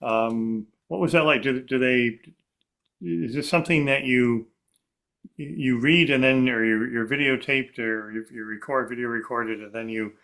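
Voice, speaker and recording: A man hosts a casual interview in a mid-range voice. He builds his questions slowly, restarting and rephrasing as he goes. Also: medium pitch, a bit bright. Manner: asks rambling questions with many restarts. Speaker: podcast host. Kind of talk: conversational interview.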